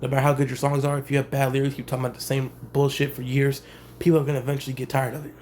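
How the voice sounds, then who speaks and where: A young man, a rapper, speaking in a laid-back, slangy way with a monotone delivery in a casual vlog. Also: medium pitch, racing, slight background noise. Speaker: rapper and channel host. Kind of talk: casual talking-head vlog.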